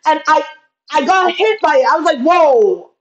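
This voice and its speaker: A woman business coach live-streams a motivational talk over a video call webcam, preaching with impassioned fervor and calling her viewers "y'all." Her voice is high and a little fast, and the sound is lo-fi.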